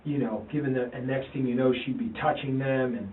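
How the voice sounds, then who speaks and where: A man, a father in a police interview, talking haltingly, repeating himself and quoting his sons. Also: medium pitch, fairly even intonation. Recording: tinny, roomy, distant interview-room recording.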